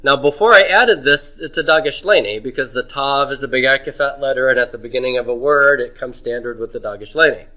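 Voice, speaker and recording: Man, middle-aged, teacher, bright forceful voice, lecture, asks and answers his own questions. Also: mid-range voice, low-quality recording. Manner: asks questions and answers them himself, drawing out words slowly. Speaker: Hebrew grammar teacher. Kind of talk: homework review lecture.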